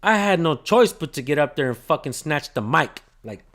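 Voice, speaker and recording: A man's voice: fairly high pitch, expressive, moderate pace, a bit bright. A man hosting a casual livestream, telling a story bluntly with lots of swearing and thanking his viewers. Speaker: channel host filming police.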